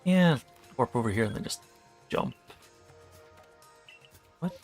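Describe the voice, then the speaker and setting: A man's voice: mid-range voice, lively intonation, slow, soft background music. A man streaming a video game, chatting casually and reading the game's dialogue aloud. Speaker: gaming streamer. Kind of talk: casual let's-play commentary.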